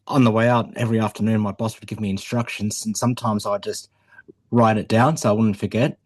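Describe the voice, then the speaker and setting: A man's voice: fairly low pitch, flat delivery, a little fast, darkish tone, no echo. Easygoing man in a group chat. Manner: easygoing, laughs between sentences. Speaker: podcast co-host.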